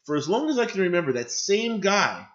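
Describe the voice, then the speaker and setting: A man's voice: sits high, sing-song, a little fast, a bit bright, dull audio. A man hosting a casual live stream, chatting and reacting to viewer comments and swearing freely.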